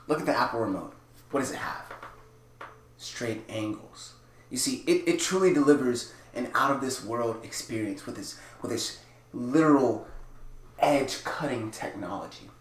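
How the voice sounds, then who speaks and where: Young man doing a pompous tech pitchman, dramatic keynote delivery, mid-pitched, echoey room. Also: expressive, normal speed, slight background noise, natural voice. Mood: grandiose. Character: grandiose male tech product pitchman.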